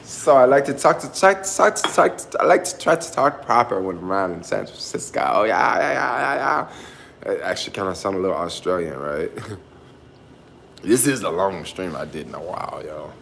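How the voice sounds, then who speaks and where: A man with a softened Black Southern American accent chats to his viewers in a casual livestream from home. He rambles in relaxed slang, circles back on his thoughts and keeps closing his lines with "yo.". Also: low-pitched, normal speed, gravelly, echoey room, slight background noise. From American South, family in Tennessee. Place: home in San Francisco.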